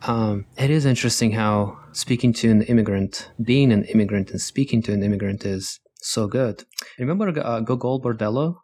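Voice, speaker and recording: A man's voice: normal speed, husky. A man co-hosting a podcast, talking earnestly in a casual conversation and lifting his voice as he acts out remembered reactions. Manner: earnest and expressive, jumps higher acting out quoted reactions. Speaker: podcast co-host.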